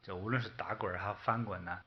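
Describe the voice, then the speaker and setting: A man teaching meditation to an audience in a folksy way, speaking in short bursts with drawn-out particles and pausing for an interpreter. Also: on the low side, fairly even intonation, highs cut off. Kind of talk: spiritual teaching with a live interpreter.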